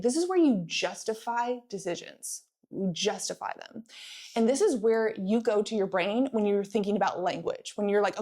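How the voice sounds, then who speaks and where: A pregnant woman in her thirties giving a lively sales training talk to a live audience, often asking them to answer back. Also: mid-range voice. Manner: energetic, playful, asks audience for responses.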